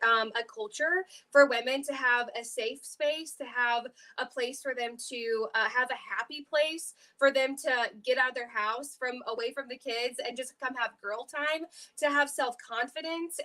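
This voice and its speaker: Earnest young woman with a high voice. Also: bright, forceful tone. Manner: earnest and upbeat. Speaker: co-host of a live sales event. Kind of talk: casual live video chat. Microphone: video call.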